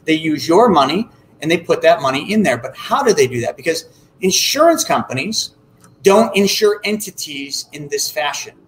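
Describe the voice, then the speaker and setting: A man with a fairly high voice explains finance to an audience. He is animated and acts out short dialogues as he goes. The room is echoey, with faint noise behind him. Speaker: financial educator.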